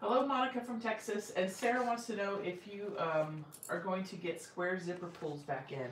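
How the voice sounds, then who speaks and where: A woman's voice: medium pitch, moderate pace. A woman reading out viewers' questions during a live stream, with dry, teasing remarks. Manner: reads out comments, dry teasing. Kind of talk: casual chat. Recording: distant mic in an echoey, noisy room.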